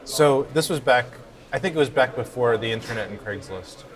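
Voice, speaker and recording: A man co-hosting a podcast, chatting over lunch and telling a lively story. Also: mid-range voice, fairly quick. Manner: lively storyteller, acts out voices in his tale. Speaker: podcast co-host. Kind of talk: casual chat over lunch. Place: busy restaurant. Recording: restaurant crowd chatter behind.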